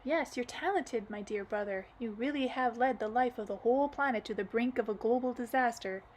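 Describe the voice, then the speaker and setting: A wise light-haired man explains things patiently and calmly, as a woman reads him aloud in an audiobook. The voice sits a little high. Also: fairly quick, a little hiss or hum, natural voice.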